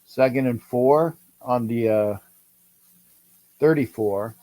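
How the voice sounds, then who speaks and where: A middle-aged man hosting a livestream, calling a football game and answering chat, excitable and repeating himself as he urges his team on. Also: mid-range voice, slow. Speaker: livestream host. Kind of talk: live game-watch commentary with chat.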